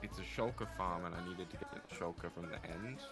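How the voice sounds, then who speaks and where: A man joining a gaming stream as a guest, chatting casually and easygoing, quick to laugh. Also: low voice, music in the background. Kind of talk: casual chat while gaming.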